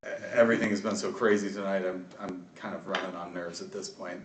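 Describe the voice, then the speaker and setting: A man's voice: deep voice, little pitch movement, fast talker, background noise, pitched below the performer's own voice, lightly acted. Flustered polite guard sergeant, put on by a male game master, recorded far from the mic. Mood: nervous. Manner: flustered, apologetic. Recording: echoey room, far from the mic.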